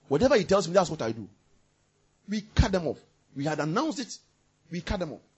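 Husky, fiery preacher man. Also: high voice, dull audio. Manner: impassioned, swings from loud bursts to near murmurs; repeats phrases for emphasis. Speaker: pastor. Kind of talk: sermon.

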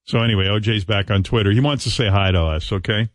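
A man's voice: fairly low pitch, fast talker, no room sound, studio quality. A male radio show host in casual banter, chatty and teasing with guests and callers.

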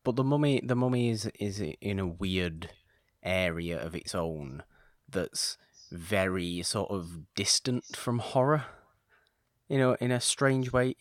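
A man with a very low voice leads a casual podcast chat, rambling eagerly and doubling up on his words. The sound is dry and close, with no room echo. He keeps talking as a steady host. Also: slow. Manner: enthusiastic, rambling, repeats words.

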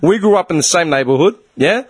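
A young Australian man in casual chat, swearing freely and explaining with quick rhetorical questions. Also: sits high, expressive, breathy edge, no echo.

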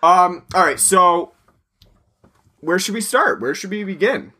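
A man's voice: high-pitched, animated, a little slow, bright, forceful tone. A man co-hosting a podcast, talking casually in a chatty, meandering way. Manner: chatty and meandering, plugs the show. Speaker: podcast co-host.

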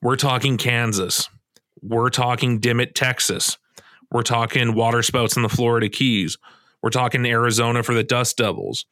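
A man co-hosts a casual podcast chat in an easygoing, joking way. His voice sits at a middle pitch. The recording is dry and close. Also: fairly even intonation, moderate pace, bright, forceful tone, dry recording. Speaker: podcast co-host.

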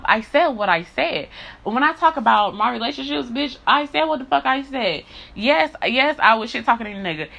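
Young woman, AAVE, blunt profane rant, bright forceful tone, social media monologue. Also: fairly high pitch, expressive, fairly quick, creaky, highs cut off. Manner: blunt, heated, profane, repetitive.

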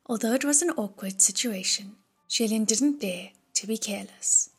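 A woman narrating an audiobook chapter in a hushed, breathy reading voice. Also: mid-range voice, moderate pace.

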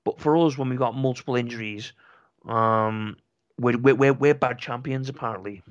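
A man's voice: medium pitch, moderate pace, no echo. A man co-hosting a football podcast, chatting casually in a sarcastic, ranting way and often repeating words as he starts a sentence. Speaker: podcast co-host. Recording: slightly dull lo-fi mic.

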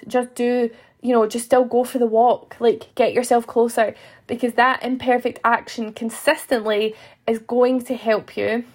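Lady coach doing a pep talk podcast, bit high, lots of gravelly fry. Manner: earnest, coaching, acts out inner voices. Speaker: podcast host and fitness coach. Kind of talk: motivational podcast monologue.

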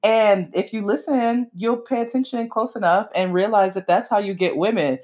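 A young woman giving a casual, opinionated monologue about a reality show, sassy and animated, her pitch swinging up and down for emphasis. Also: normal speed. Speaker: podcaster reviewing reality TV.

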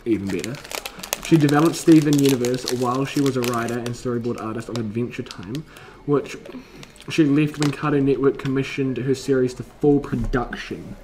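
A restless, joking man bantering on a casual podcast and reading notes aloud in a mid-pitched voice. He repeats words and trips over sentences, sometimes mumbling quietly before reading louder, with a faint hiss behind him. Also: moderate pace, rough recording. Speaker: podcast co-host.

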